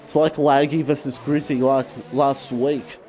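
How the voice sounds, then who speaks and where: A man commentating a sim racing league race, excitable and self-deprecating, his voice jumping high when battles get close. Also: a little slow, slight background noise.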